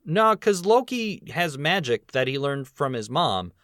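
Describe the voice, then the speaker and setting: A podcast host chats casually, rambling and laughing quickly between points. His fairly high voice has big pitch swings and a fairly bright tone, recorded with clean studio sound and no room sound.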